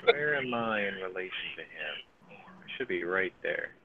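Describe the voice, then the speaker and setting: Deep-voiced man narrating gameplay. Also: lively intonation, a little slow, narrow, tinny audio, slight background noise. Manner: casual, profane, thinking aloud. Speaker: gaming streamer. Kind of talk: live gameplay commentary.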